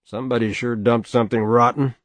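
A man's voice: medium pitch, little pitch movement, fairly quick, no echo, close to an everyday voice. A man voicing a stern adult father in a read story, blunt and dry. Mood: gruff.

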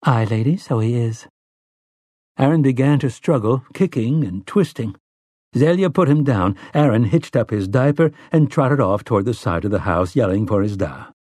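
A male audiobook narrator reads in a steady, measured storytelling manner. His voice sits in an ordinary middle range, and the recording is dry and close. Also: medium pitch, no room sound. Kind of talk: scripted narration.

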